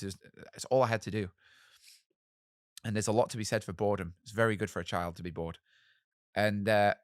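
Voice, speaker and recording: A man in his thirties, a musician guest telling animated stories in an interview and acting out the voices of people he quotes. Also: lowish voice, smooth, dry recording, clean studio sound. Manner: animated, acts out quoted voices, swears casually. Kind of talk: storytelling in a podcast interview.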